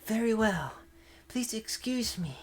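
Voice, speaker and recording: A reader voicing a polite, soft-spoken young maid in a visual novel. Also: medium pitch, lively intonation, slow pace, slightly rough, faint music behind, pitched above the performer's own voice. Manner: polite and restrained.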